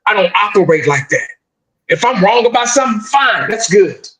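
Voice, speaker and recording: A man's voice: sits high, moderate pace, echoey room, low-quality recording. A man ranting bluntly in heated casual sports talk over a video call, repeating himself and tagging lines with "man". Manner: blunt, repetitive, animated ranting with frequent "man".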